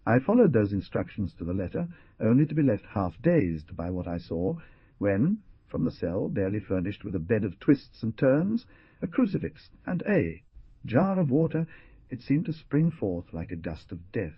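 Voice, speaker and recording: Deep-ish guy reading an audiobook, dramatic and animated, dry close recording. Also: normal speed, slightly rough, dry recording, dull audio. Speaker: audiobook narrator. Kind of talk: scripted narration.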